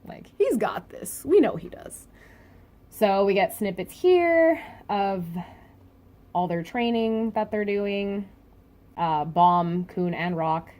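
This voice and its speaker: A woman's voice: medium pitch, animated, takes it slowly, a little mellow. A woman casually reviewing a comic chapter, chatty and full of fillers and restarts.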